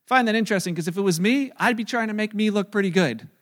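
Animated high-voiced preacher man. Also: fast. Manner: animated storytelling, acting out quoted voices. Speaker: pastor. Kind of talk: sermon.

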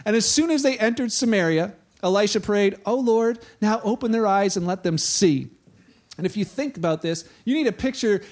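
A pastor with a fairly high voice preaches a casual, conversational sermon. He tells the story in an animated way, slipping into the voices of the people in it.

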